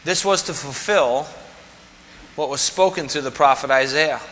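A man's voice: fairly high pitch, measured pace, fairly bright tone, in a large hall, slight background noise. A man preaching a sermon as pastor, conversational and full of rhetorical questions.

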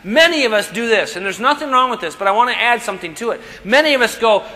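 A man delivers a sermon in a high, bright voice. He talks in a conversational way, asking questions and answering them himself. The sound carries a long reverb from a large hall. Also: expressive, quick pace, hardly any pauses. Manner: conversational preaching with rhetorical questions. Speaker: pastor.

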